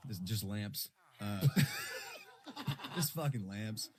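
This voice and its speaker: A young man hosting a casual podcast, telling a story in an animated way and swearing freely. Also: fairly low pitch, very slow. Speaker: podcast host. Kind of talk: casual chat. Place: hotel room.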